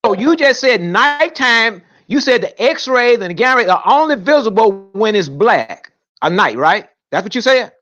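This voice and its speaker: A man's voice: high-pitched, big pitch swings, normal speed, bright, forceful tone, dull audio. A man hosting a casual debate, teasing and interrupting, repeating his demands.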